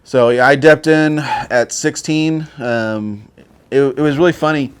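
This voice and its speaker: A man's voice: mid-range voice, unhurried, clean tone. A man in his forties, a Marine veteran guest, telling his story casually with lots of swearing and filler words. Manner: profane, rambling, with many fillers.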